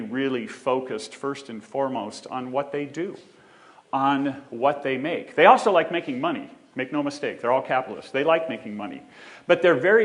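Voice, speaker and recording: A man giving a conference talk on a theater stage, joking with the audience and walking as he speaks. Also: mid-range voice. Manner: joking, animated, walks while speaking.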